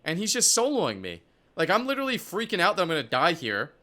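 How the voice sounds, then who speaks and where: A young man giving casual commentary on his own competitive match, excitable and profane, full of "like" and "dude". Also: high-pitched, fast. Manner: excitable, profane, filler-heavy talk. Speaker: esports player reviewing his match.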